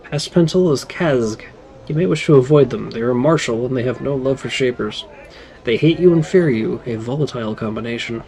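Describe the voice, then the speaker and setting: A man voicing a proud, wary male servile tribe leader in a game, measured and stern. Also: mid-range voice, mellow, voice pushed down, close to an everyday voice, low-quality recording.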